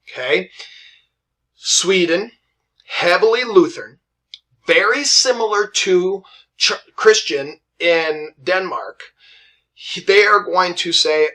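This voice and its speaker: Lively, bright-voiced male history teacher. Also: fairly high pitch. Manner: chatty, asks "right?" often, acts out historical figures in quick asides. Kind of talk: casual classroom lecture.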